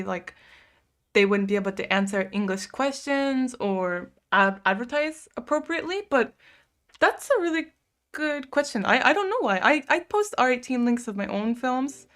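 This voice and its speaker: A woman's voice: a little high, animated, normal speed, faint music behind. A young woman live-streaming from home, casually chatting and answering viewer comments with lots of "like" fillers. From United States. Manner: chatty, frequent "like" fillers, soft cooing asides to her cat.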